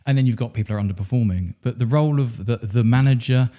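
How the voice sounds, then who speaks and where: A man's voice: medium pitch, fast, warm tone. A man who works as a leadership coach, speaking in a reflective way and often repeating words as he gathers his thoughts. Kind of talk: casual conversation.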